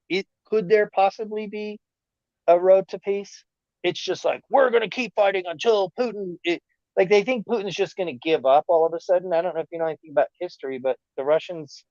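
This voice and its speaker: A man talking as a podcast guest in a rambling, animated rant, often slipping into mocking quoted voices. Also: fairly high pitch, dry recording, lo-fi sound. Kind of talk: casual chat.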